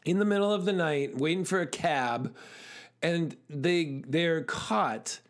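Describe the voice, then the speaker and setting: A man with a slightly raised voice gives a motivational talk. He tells stories animatedly, rushing through phrases with frequent fillers and restarts. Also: fairly high pitch. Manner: animated storyteller, fast bursts, frequent fillers. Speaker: speaker.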